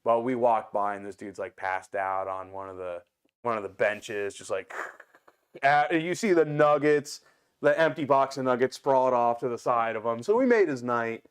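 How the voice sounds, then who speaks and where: A man with an Ohio accent, a restaurant owner and guest, telling stories in an animated, casual way and swearing freely. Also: medium pitch, normal speed, clear, resonant tone. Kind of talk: casual storytelling.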